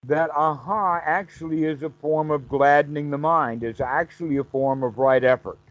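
A man's voice: a little high, normal speed, no room sound. Man teaching meditation over dull call audio. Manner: explanatory, voices the mind's self-talk in quotes.

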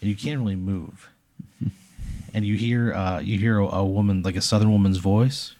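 A man's voice: lowish voice, steady tone, normal speed, warm tone, no room sound. A man in casual podcast chat, telling an absurd hypothetical story in a rambling way, full of filler words and bits of laughter.

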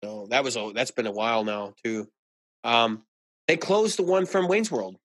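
A man co-hosting a podcast, telling stories in a casual, animated way, laughing and swearing as he goes. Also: medium pitch, normal speed, no echo. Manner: animated storyteller, swears freely, laughs often. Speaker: podcast co-host. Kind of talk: casual chat.

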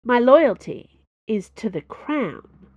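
A woman's voice: on the high side, expressive, moderate pace, no echo, pitched above the performer's own voice, natural voice. Woman narrator doing a firm, earnest young pilot; plain storybook delivery.

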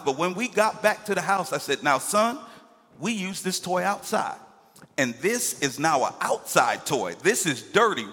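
A man's voice: a little high, fairly bright tone. A man from Connecticut preaching a sermon as pastor, telling stories and building to emphatic peaks. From Hartford, Connecticut. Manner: storytelling, rising to emphatic peaks. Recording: long hall reverb.

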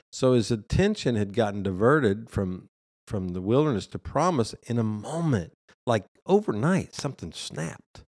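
Male pastor, gravelly edge, dry close sound, conversational sermon delivery. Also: mid-range voice, big pitch swings, unhurried, darkish tone, no room sound. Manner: conversational preaching with frequent laughs and restarts.

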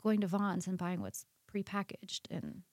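A woman guest on a podcast interview, talking about diet in an opinionated, animated way. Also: lowish voice, a little slow, no echo, clean studio sound. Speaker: guest nutrition practitioner. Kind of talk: casual conversational interview.

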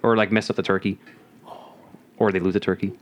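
A speaker in casual chat among friends, trading quick teasing banter. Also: sits low, little pitch movement.

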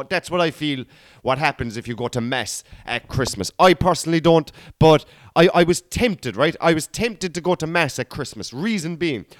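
A man's voice: on the high side, no room sound, clean studio sound. A man in his thirties with a Cork accent, a comedian telling rambling stories on his podcast and talking straight to his listeners. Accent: Cork, Irish. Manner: rambling, chatty, addresses listeners as guys and boy. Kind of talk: casual storytelling monologue.

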